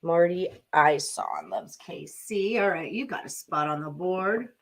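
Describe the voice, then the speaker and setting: A woman's voice: lowish voice, very animated, unhurried. A woman hosting a casual sports betting livestream, chatting in a rambling way with frequent ums and laughs. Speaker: sports betting show host.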